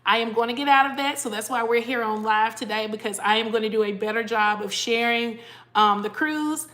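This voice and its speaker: A woman's voice: fairly high pitch, a little fast, a bit bright. A tired woman chatting casually on a livestream, greeting viewers by name and reading their comments aloud. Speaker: cruise vlogger hosting a livestream.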